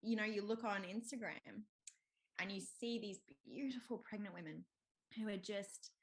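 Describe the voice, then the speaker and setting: A woman's voice: medium pitch, normal speed. A woman, talking openly and casually as a podcast guest, with lots of fillers and light laughter. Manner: open, chatty, frequent fillers and laughs. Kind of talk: candid conversational interview.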